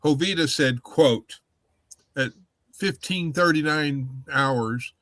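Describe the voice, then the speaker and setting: A man hosting a casual livestream chat, rambling with halting restarts. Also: medium pitch, a bit bright, no room sound.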